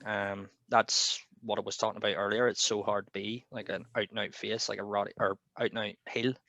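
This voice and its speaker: Bright-voiced chatty male podcast host. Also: fairly low pitch, little pitch movement, creaky, no echo. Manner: chatty, laughs often, quick asides. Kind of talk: casual wrestling chat.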